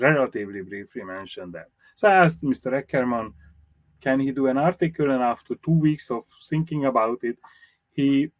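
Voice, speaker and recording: Man, historian being interviewed, English speaker, measured explanatory manner, mid pitch, dry close sound. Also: no echo. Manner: measured, explanatory, with fillers and restarts. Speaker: motoring historian and magazine publisher. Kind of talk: interview answers.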